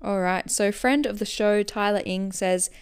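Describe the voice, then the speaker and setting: A woman hosting a podcast, answering listener questions in a relaxed, chatty way that explains as she goes. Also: mid-range voice, moderate pace, clear, resonant tone. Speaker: running coach and podcast host.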